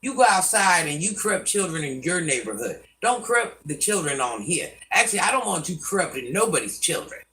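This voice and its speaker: A woman's voice: lowish voice, big pitch swings, a little fast, few pauses, a bit bright, recorded from a distance, rough recording. An older woman hosting a live stream, scolding commenters by name and chatting with viewers. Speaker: livestream host.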